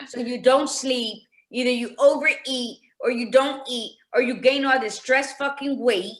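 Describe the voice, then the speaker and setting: A woman's voice: a little high, unhurried, fairly bright tone. A woman co-hosting a podcast in casual chat, blunt and emphatic, swearing freely. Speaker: podcast co-host.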